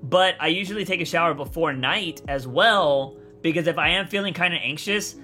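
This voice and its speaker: A young man chats casually on a livestream, blunt and rambling, cursing freely as he answers viewers. His voice sits a little high and sounds bright and forceful, though a bit raspy today. Faint music plays under him. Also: normal speed. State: voice feels raspy. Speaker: content creator streamer.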